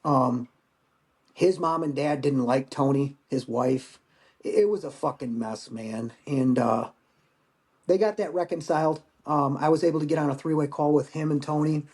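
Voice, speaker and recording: Podcast guest, man in his 40s, veteran recounting combat loss, halting and raw, blunt language. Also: on the high side, a little mellow. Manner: halting, emotional storytelling with profanity. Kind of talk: personal war story in conversation.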